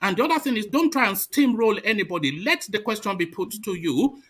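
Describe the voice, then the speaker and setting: A male host keeps order in an online discussion from his home. His voice is high, bright and animated, and he takes control with firm, repeated interjections. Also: a little fast, husky.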